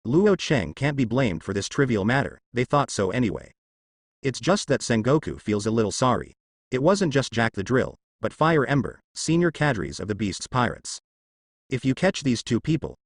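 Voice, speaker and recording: A man narrating a translated fan fiction novel aloud in a steady storytelling read. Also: mid-range voice, dry recording, studio quality.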